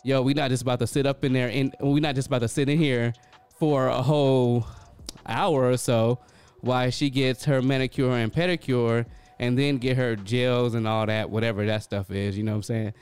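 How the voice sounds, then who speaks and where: A man's voice: mid-range voice, fairly even intonation, brisk, a little mellow, clear, resonant tone. A man, telling a casual story in a loose, chatty way full of filler phrases.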